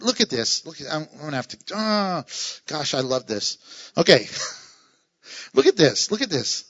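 Male pastor, sermon delivery, playful with humorous asides; high-pitched, slightly muffled recording. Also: a bit bright. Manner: playful, joking asides and chuckles.

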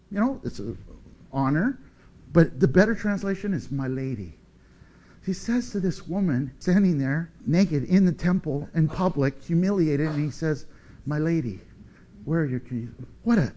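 A middle-aged male pastor preaching a sermon, animated, swinging between loud and soft and acting out the quotes he tells. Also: high voice.

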